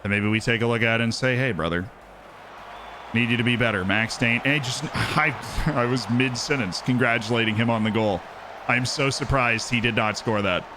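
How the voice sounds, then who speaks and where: A man streaming a game live, commenting on the play and answering chat in a joking, animated way. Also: mid-range voice, moderate pace, background noise.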